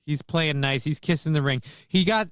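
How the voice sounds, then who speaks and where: A man's voice: fairly high pitch, normal speed, a bit bright, clean tone, dry recording. A man co-hosting a morning show, trading dry, teasing wisecracks in casual banter.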